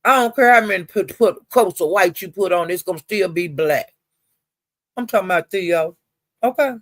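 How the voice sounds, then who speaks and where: A woman's voice: on the low side, moderate pace, no room sound. A woman gossiping on a casual livestream, sassy and profane, with drawling "well, honey" asides. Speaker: livestream commentator.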